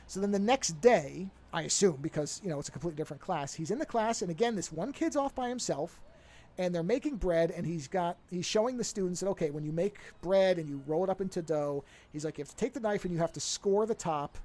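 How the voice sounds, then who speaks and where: This man sits high in pitch, sounding animated and a little fast, with a darkish tone. He's co-hosting a podcast, loosely recounting a movie's plot in a rambling way and correcting himself as the story unfolds.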